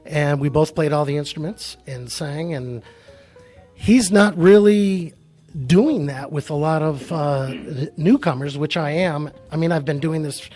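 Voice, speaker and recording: A man's voice: on the high side, a little slow, darkish tone, faint music behind. A man from Buffalo, New York, a musician guest on a radio show, telling stories with upbeat enthusiasm. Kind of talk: casual radio interview chat.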